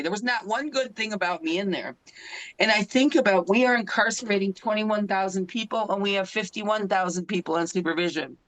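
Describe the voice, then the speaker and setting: A woman's voice: lowish voice, poor audio. Middle-aged woman, passionate advocate speaker, emotional and direct, talking over a phone. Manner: earnest, emotional, keeps asking the audience "right?". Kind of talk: impassioned public talk.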